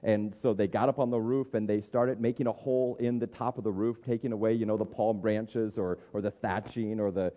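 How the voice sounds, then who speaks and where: A man's voice: lowish voice, steady tone, a little fast, few pauses, long reverb tail, highs cut off. A man in his thirties preaching a conversational sermon as a pastor, thinking aloud with frequent restarts.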